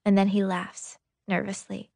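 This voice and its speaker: A woman narrating a novel in an intimate, breathy, half-whispered audiobook reading. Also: mid-range voice, completely flat delivery, unhurried, darkish tone, no echo, studio quality.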